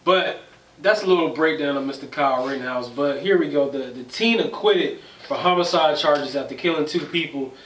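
A man's voice: a little high, normal speed, fairly bright tone, recorded from a distance. A man co-hosting a casual podcast chat, laid-back, chiming in with short replies and reading out news items. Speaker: co-host. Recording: echoey room, voice off-mic, faint noise.

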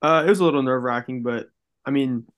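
A young man sits in on a podcast as the guest and talks casually. He tells his stories at an easy, relaxed pace and fills them with "like." His voice sits at an ordinary middle pitch for a man. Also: fast. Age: young adult. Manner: relaxed storytelling, heavy use of "like". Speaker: college football player guest.

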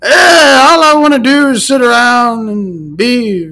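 A woman's voice: fairly high pitch, a little slow, gravelly, bright, forceful tone, pitched above the performer's own voice, full character voice. A woman putting on a whiny, self-pitying young royal man in a drawling voice during a podcast rant.

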